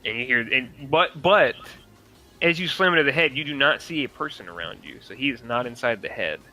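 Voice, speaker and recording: A man running a tabletop game as game master, animated and swearing often. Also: medium pitch, fast talker, soft background music, rough recording. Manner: animated, profane, excitable.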